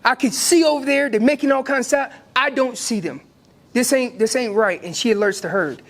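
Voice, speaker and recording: Animated man teaching elk calling. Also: very high voice, brisk. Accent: American. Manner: animated, acts out elk calls and voices. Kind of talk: hunting seminar talk.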